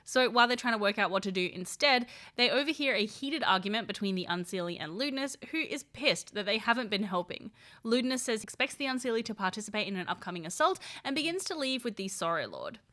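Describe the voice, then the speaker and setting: A woman narrates a game recap in a brisk, scripted manner. Her voice sits fairly high and sounds bright and forward. She keeps a steady storyteller's pace. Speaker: recap host.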